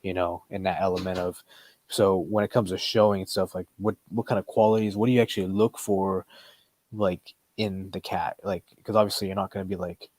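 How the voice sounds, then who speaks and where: A man's voice: low-pitched, little pitch movement, brisk, a little mellow, no echo. A man hosting a podcast, chatting in a loose, rambling way with lots of fillers and restarts. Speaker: podcast host. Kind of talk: casual podcast chat.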